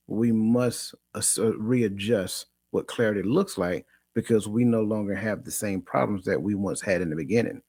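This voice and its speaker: A man hosting a coaching podcast in casual chat, animated and preachy, often repeating himself and laughing. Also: lowish voice, no echo, clean studio sound. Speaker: podcast host.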